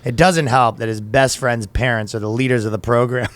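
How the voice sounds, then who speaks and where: A man's voice: medium pitch, steady tone, brisk, no room sound. A man co-hosting a casual comedy podcast, riffing profanely and mocking people in put-on voices. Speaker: podcast co-host.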